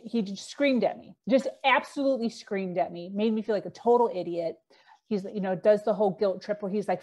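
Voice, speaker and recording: A woman's voice: mid-range voice, fairly quick, dark tone. A middle-aged woman, a podcast guest, candidly telling her own story with frequent fillers and acted-out quotes.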